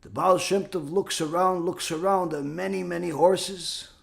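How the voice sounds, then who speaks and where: A man preaching a sermon as a rabbi, impassioned and scolding, rising to shouts for emphasis. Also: high voice, fairly even intonation, measured pace, gravelly.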